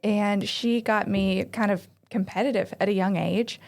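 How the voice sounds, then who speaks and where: A woman from Arkansas, a pastry chef guest, telling her story in relaxed conversation. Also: medium pitch, measured pace, creaky. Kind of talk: casual interview chat.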